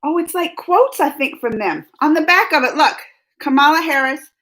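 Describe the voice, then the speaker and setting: A woman's voice: high voice, lively intonation, normal speed, fairly bright tone. A woman hosting a casual live stream who laughs often and greets her chat by name. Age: adult, mother of school-age kids. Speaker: livestream host.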